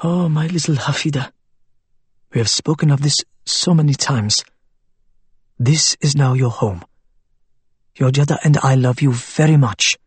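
A patient, soft-spoken elderly grandfather in a storybook, voiced by a man, measured and firm beneath the gentleness. The voice sits a little high with a breathy edge and a dry, close sound. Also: lively intonation, no room sound. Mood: gentle.

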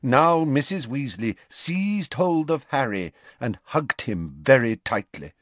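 A man's voice: medium pitch, big pitch swings, takes it slowly, no echo. A man narrating an audiobook expressively, switching into character voices.

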